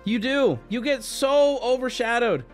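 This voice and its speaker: A man hosting a livestream, talking straight to his chat in a casual, animated way and swearing freely. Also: very high-pitched, unhurried, faint music behind. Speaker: livestream host.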